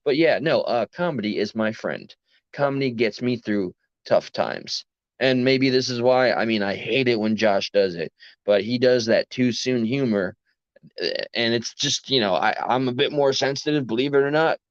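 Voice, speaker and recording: A man's voice: mid-range voice, moderate pace, no echo. A man with a New York accent, ranting earnestly and rambling to his live chat late at night, tired after a long workday. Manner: rambling, self-interrupting, earnest. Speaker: livestream host. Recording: dry, dull lo-fi sound.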